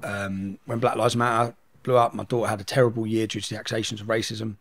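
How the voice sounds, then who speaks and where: A man's voice: fairly low pitch, level tone, fast talker, creaky, a bit bright, no room sound. A middle-aged man, telling a story at speed in an interview and acting out the dialogue. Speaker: guest.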